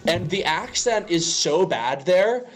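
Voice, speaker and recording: A man's voice: high voice, expressive, slow. A young man from Western Pennsylvania, streaming and rambling jokily through a casual chat. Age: young adult. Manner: rambling, joking, fillers.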